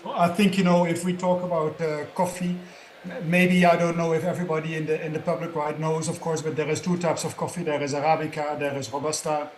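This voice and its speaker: A man's voice: fairly high pitch, flat delivery, brisk, reverberant, slight background noise. A man speaking as a panelist, explaining in a conversational way and often checking in with tag questions. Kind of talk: conference panel talk.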